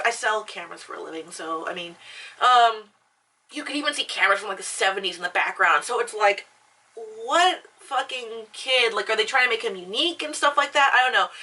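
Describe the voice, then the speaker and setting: A woman's voice: fairly high pitch, bright, forceful tone, distant mic. A young woman vlogger ranting casually about a film, swearing often, full of fillers and restarts. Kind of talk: casual rant.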